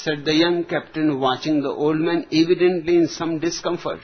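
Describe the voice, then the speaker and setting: A man giving a spiritual discourse as a teacher, speaking slowly and deliberately with long pauses. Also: on the high side, fairly even intonation. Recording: dull lo-fi recording.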